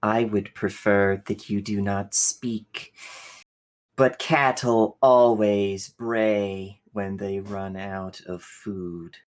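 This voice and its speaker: A man voicing a cold, hateful ancient female machine ruler in a tabletop role-play, with a slow, contemptuous, seething delivery. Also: fairly low pitch, steady tone, low-quality recording. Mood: seething contempt.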